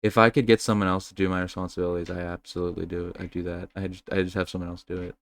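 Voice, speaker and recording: A man's voice: deep voice, very fast, creaky. A man co-hosting a podcast, telling rambling, profane stories in casual chat. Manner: rambling, profane, animated storytelling. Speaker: podcast co-host.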